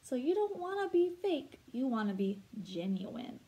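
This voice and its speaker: A woman teacher explaining vocabulary words slowly and clearly, asking her listeners questions as she goes. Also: sits high, very animated, mellow, low-quality recording. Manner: slow, clear teacher talk with rhetorical questions. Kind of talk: read-aloud vocabulary lesson.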